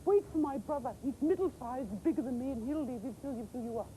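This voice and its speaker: A man voicing a small, timid young billy goat in a children's TV story, squeaky and stammering. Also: quick pace, dark tone, a little hiss or hum, low-quality recording. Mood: timid, pleading.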